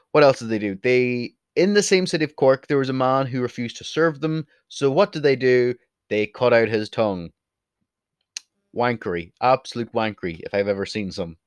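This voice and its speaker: A man's voice: mid-range voice, no room sound. Chatty Irish man, dry close sound. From Ireland. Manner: chatty, blunt, swears, wanders off topic. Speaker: vlogger. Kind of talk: casual rambling monologue. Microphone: desk mic, sometimes turns away from it.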